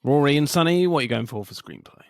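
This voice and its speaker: A man's voice: on the high side, expressive, fast talker, no room sound, studio quality. A man hosting a film podcast, casually asking the others for scores and opinions. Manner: easygoing, asks the questions. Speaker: podcast host.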